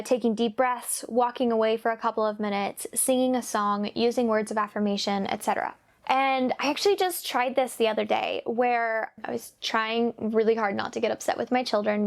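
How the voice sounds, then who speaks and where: Earnest young mom talking to camera. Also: female voice, fairly high pitch. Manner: earnest, confiding, repeats phrases for emphasis. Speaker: parenting vlogger. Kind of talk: casual personal talk to camera.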